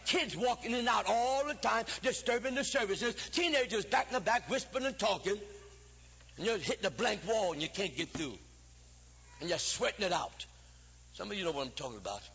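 Lively, bright-voiced man preaching in an echoing church. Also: high voice, vocal fry, slightly rough. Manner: folksy, humorous storytelling with chanted preaching cadence. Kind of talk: folksy Baptist sermon. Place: church sanctuary. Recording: lo-fi hall recording with long reverb.

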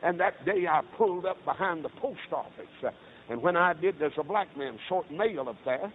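Fiery high-voiced preacher. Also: male voice, animated, a little fast. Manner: fiery, swings from low storytelling to loud shouted peaks. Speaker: Baptist preacher. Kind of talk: storytelling sermon. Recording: tinny lo-fi recording with faint hiss.

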